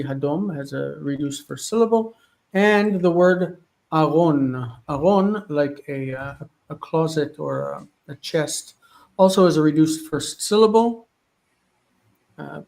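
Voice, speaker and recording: Speaking at a measured pace, this man has a slightly high, creaky, somewhat mellow voice, captured on a low-quality recording. He's a Hebrew teacher running a live online class, going through texts and musing aloud while he checks references in the middle of sentences. He broadcasts from a home studio with just one light.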